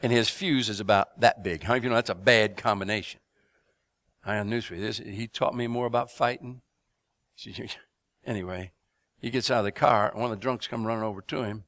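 A middle-aged man preaches a testimony sermon in a fairly low voice, talking a little fast with no echo. He's an animated storyteller who laughs and puts questions to the audience.

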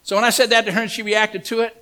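A man's voice: high-pitched, flat delivery, fast, sharp tone, clean tone. A middle-aged man preaching a humorous storytelling sermon, folksy and joking, asking the congregation questions.

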